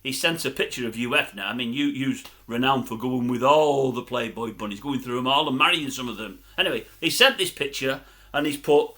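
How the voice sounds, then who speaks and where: A man's voice: mid-range voice, brisk, pushed and bright. An older man, rambling to camera as a vlogger in a grumbling, chatty storytelling style.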